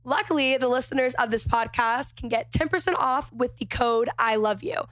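A woman hosting her podcast in a chatty, gushing way, tired and a little hoarse from losing her voice. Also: on the high side, moderate pace, fairly bright tone, no room sound. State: slightly lost voice, tired. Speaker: podcast host. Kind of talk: casual podcast intro and ad read.

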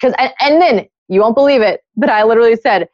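A young woman telling a story in casual chat, animated and acting out what others said. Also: a little high, fast talker, dry recording, lo-fi sound. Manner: animated, acts out quotes in other voices. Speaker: podcast guest.

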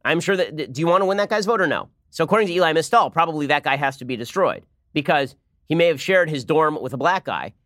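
A man delivers political commentary in a rapid-fire, argumentative torrent. His voice sits a bit high, and his sarcasm cuts through constantly. The studio sound is dry and close. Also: expressive, fairly bright tone, dry recording.

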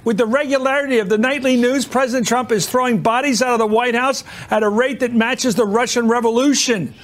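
A man's voice: extremely high pitch, fairly even intonation, brisk. A man giving opinionated political commentary in a played clip, argumentative and declarative.

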